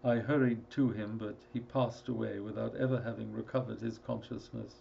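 Male narrator, gravelly fry, mid-pitched, steady measured reading, dull lo-fi recording. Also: a little hiss or hum. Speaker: audiobook narrator. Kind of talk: scripted narration.

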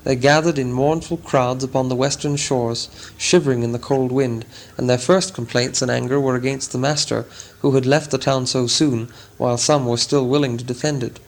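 A man reading a fantasy story aloud in a dramatic, deliberate storytelling manner. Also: mid-range voice, steady tone, a little hiss or hum. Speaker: audiobook narrator. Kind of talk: scripted narration.

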